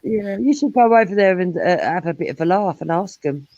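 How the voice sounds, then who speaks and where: A woman's voice: lowish voice, expressive, a little fast, mellow, no room sound, lo-fi sound. A woman hosting a casual live-stream chat, teasing her guest and laughing between remarks. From England.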